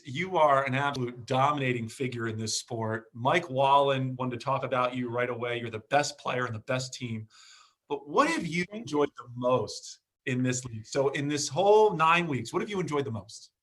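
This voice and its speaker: A man's voice: medium pitch, animated, normal speed, fairly bright tone. Upbeat male podcast host. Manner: upbeat and encouraging with guests. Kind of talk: hosting an interview show.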